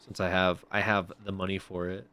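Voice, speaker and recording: A man's voice: sits low, flat delivery, a little fast, pushed and bright, clear, resonant tone. A young man giving casual commentary while streaming a game, often exasperated and swearing.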